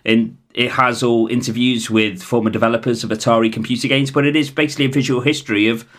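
This podcast co-host has a Scouse accent and chats casually, rambling and restarting as he goes. His mid-range voice is steady and fairly bright, and he's a fast talker.

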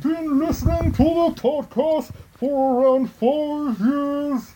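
A man reading a fan review aloud in a put-on, high, sing-song voice. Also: fairly even intonation, slow pace, mellow, a little hiss or hum, rough recording. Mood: mock earnest.

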